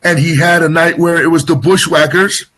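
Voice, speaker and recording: A man's voice: on the high side, fairly even intonation, normal speed, fairly bright tone, slight background noise. A man being interviewed as a wrestling guest, telling a long story casually, rambling and getting sidetracked with many restarts.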